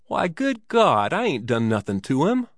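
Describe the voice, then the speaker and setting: A man's voice: mid-range voice, big pitch swings, normal speed, no echo, clean studio sound, natural voice. A man voicing the innkeeper's sullen young son, defensive and aggrieved, in a story reading. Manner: defensive, aggrieved, crude speech.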